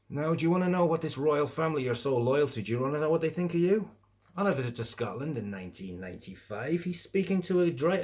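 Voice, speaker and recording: A man's voice: medium pitch, darkish tone. A middle-aged man from the English Midlands with a Midlands accent, ranting angrily about politics with sarcasm and a lot of swearing. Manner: sarcastic, heavily profane, indignant. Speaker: political commentator. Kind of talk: angry opinion rant.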